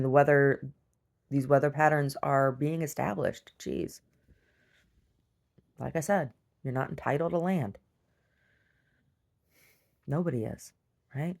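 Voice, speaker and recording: Low voiced woman ranting in her video diary, blunt and sweary. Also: gravelly, a little mellow. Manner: blunt, profane, exasperated. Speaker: video diarist. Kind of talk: casual video diary rant. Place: rural property at home.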